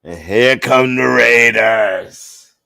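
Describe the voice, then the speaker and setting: A man giving casual live play-by-play commentary, talking straight to his viewers in slang and breaking into loud exclamations on big plays. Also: medium pitch, very slow, creaky.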